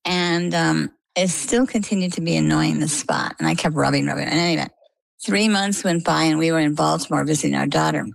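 A middle-aged woman with a low voice and a gravelly edge, telling her story as an interview guest. She is chatty and vivid and acts out the lines of the people in it. The sound is dry and close. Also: brisk, no echo, poor audio.

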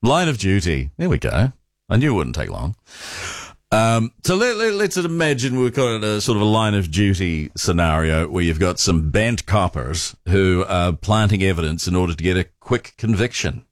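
Dry-voiced, low-pitched male radio host. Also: lively intonation, normal speed, no room sound. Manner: chatty, stumbles and repeats words. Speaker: radio talk show host. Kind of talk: casual talk radio chat.

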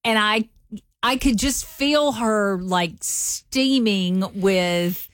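A woman's voice: mid-range voice, drawn-out words, no room sound, clean studio sound. A woman co-hosting a morning radio show, teasing her co-host and then explaining her view plainly. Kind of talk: casual radio banter. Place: radio studio.

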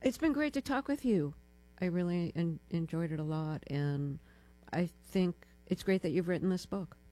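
An older woman hosting a studio interview, asking measured, probing questions. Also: on the low side, expressive, mellow, soft background music. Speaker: radio interview host.

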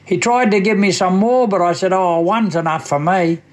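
A man's voice: high-pitched, normal speed. An Australian man reciting a comic bush poem on the radio like a wry yarn-spinner. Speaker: radio poet.

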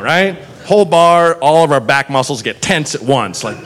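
A man doing stand-up, telling a long story in a profane, animated way and acting out the people in it. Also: on the high side, normal speed. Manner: animated, profane, acts out characters. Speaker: stand-up comedian. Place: comedy club stage. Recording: live stage recording with crowd and noise.

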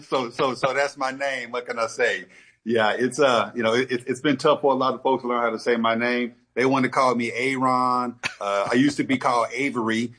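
A middle-aged man from Texas, a politician guesting on a radio show, speaking in a relaxed, folksy way with many fillers. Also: mid-range voice, slight background noise. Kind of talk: radio interview.

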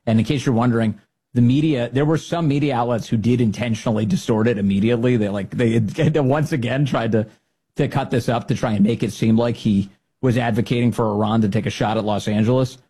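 A husky man hosting a political podcast, teasing and sarcastic as he talks over clips. He laughs often and tosses in quick asides, keeping his voice at an ordinary middle pitch. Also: steady tone, mellow. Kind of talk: casual political commentary.

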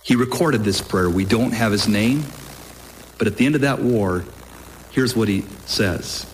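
A man preaching a sermon with emphatic, deliberate delivery, lifting his voice on key phrases. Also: fairly low pitch, a little hiss or hum. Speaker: pastor.

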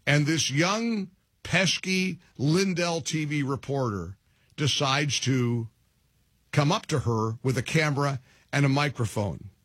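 A middle-aged man hosting a talk radio show, mocking and animated, laughing at his own jokes. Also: on the high side, slow, slightly rough, no echo. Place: radio studio.

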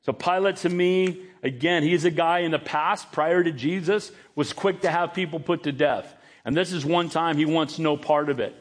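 High-voiced man preaching a sermon. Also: normal speed. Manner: emphatic, acts out quoted dialogue with rising pitch. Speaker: pastor.

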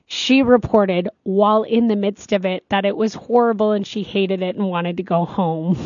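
A woman's voice: mid-range voice, moderate pace, no echo, lo-fi sound. A woman, co-hosting a radio show in casual, giggly chat. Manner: giggly, chatty, animated. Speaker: radio co-host.

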